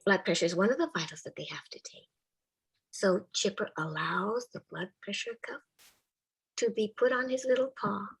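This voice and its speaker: A woman telling a personal story to a live audience in a soft, measured way, often dropping to a hushed whisper. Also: mid-range voice, vocal fry, slightly rough, rough recording. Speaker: storyteller, spiritual care volunteer with a therapy dog.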